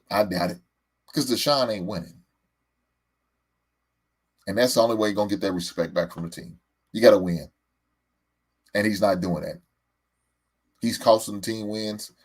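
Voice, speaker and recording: Low-pitched male sports host, exasperated fan rant, stammers and repeats.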